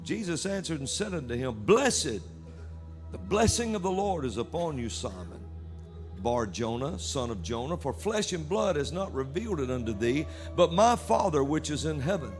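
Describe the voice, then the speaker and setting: A man preaching a sermon at a church service, reading scripture aloud with animated delivery. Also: a little high, moderate pace, faint music behind.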